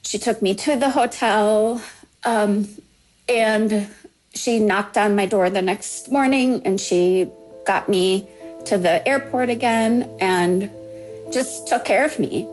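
A middle-aged woman slowly telling a personal story in a halting, heartfelt way. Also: mid-range voice, a little mellow, faint music behind, poor audio. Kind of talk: personal story told to a podcast.

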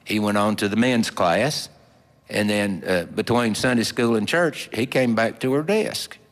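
A man telling a folksy story in a slow, drawling, homespun way with plenty of fillers. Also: fairly low pitch. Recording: long hall reverb.

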